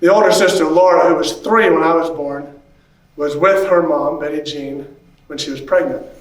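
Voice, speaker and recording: A pastor in his fifties tells his own story from the stage of a big conference hall. His voice sits high for a man and lively, and he slips into the voices of the people in his story. The sound is roomy and echoing, picked up from well away from the mic. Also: moderate pace. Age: 50s. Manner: animated, acts out quoted voices, laughs. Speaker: pastor and church consultant. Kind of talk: personal storytelling speech. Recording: echoey hall, voice from a distance.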